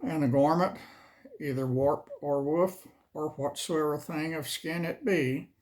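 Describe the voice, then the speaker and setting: A man reading scripture slowly and measuredly, then chatting casually as host. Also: fairly high pitch, a little mellow. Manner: slow, measured delivery. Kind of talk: Bible reading and casual chat.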